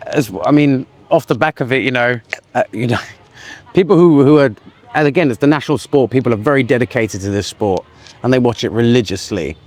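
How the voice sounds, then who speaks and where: A man from the United Kingdom, chatting casually as an interview guest, easygoing and quick to laugh. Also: mid-range voice, darkish tone. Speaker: guest, expat business owner.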